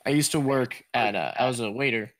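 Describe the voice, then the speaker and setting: A man's voice: mid-range voice, fairly quick, fairly bright tone, no echo. A man in his twenties telling a story in casual chat, laid-back and profane, with lots of fillers and laughs.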